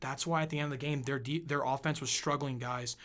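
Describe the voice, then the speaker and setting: A young man in his twenties hosts a podcast and rants about football in a casual, fired-up way, swearing a lot and speaking with emphatic energy. His mid-range voice is fairly bright, steady in tone, and a little fast.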